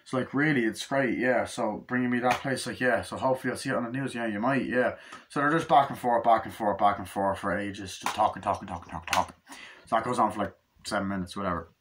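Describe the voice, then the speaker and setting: A man's voice: lowish voice, fast, noisy background. Rambling, swearing man reviewing films. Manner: rambling, profane, acts out scenes in quoted voices. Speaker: movie reviewer. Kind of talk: casual rambling film review.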